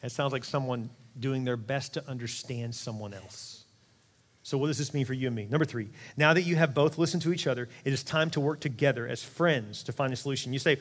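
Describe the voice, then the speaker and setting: Fast-talking animated male pastor preaching. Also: a little high. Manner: animated, conversational preaching with quick asides. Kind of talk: sermon. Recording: long hall reverb.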